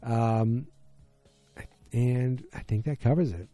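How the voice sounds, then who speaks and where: A man's voice: on the low side, a little slow, mellow, no room sound, faint music behind. A man hosting a podcast from his home basement, recapping an episode casually with lots of fillers and restarts. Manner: rambling, many fillers and restarts. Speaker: podcast host.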